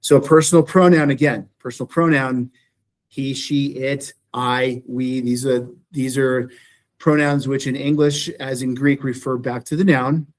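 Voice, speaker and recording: A man lecturing a beginning Greek class in a classroom. He explains step by step, restates his points and keeps checking that his students follow. His voice sits in an ordinary middle pitch. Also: steady tone, unhurried. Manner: explanatory, repeats phrases, checks in with "right?". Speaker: Greek instructor.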